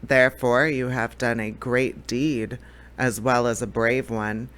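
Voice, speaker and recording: A man's voice: fairly even intonation, measured pace, a bit bright, clean tone, lightly acted. A man reading aloud, voicing a small, proud female mouse queen in a storybook. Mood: regal. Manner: squeaky little voice, indignant.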